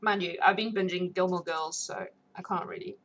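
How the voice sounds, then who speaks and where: A woman reading a classic novel aloud, then slipping into relaxed, chatty talk with her listeners. Her voice sounds sore and slightly scratchy from a long read, with faint noise in the background. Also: on the low side, normal speed. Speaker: audiobook reader and streamer.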